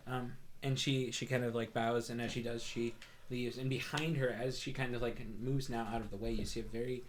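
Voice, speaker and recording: A man's voice: mid-range voice, flat delivery, fairly quick, slight background noise. A man running a tabletop game as game master, describing scenes at length with frequent hesitations. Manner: descriptive, many fillers and restarts.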